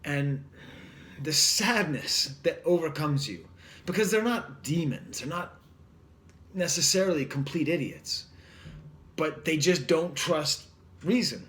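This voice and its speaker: A man with a fairly high voice talks through an album review in a loose, rambling way. He fills his speech with fillers and restarts and keeps a wry edge. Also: animated, slow, pauses often, fairly bright tone, slight background noise. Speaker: record reviewer. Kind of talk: casual music review.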